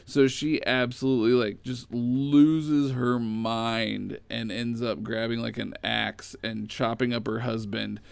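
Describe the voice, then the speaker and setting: A man casually retelling old comic stories in a rambling, animated way. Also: mid-range voice, slow pace, vocal fry, hardly any pauses, clear, resonant tone. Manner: rambling, animated storytelling with fillers.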